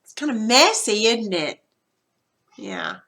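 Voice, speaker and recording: A woman's voice: a little high, huge pitch swings, slow, fairly bright tone. A woman teacher talking students through a recorded grammar lesson, chatty and informal, repeating herself and restarting as she explains.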